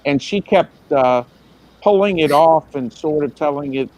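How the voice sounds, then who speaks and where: A man's voice: fairly high pitch, unhurried, a little mellow, muffled recording. A man hosting a casual podcast discussion, hesitant and full of fillers as he recalls details.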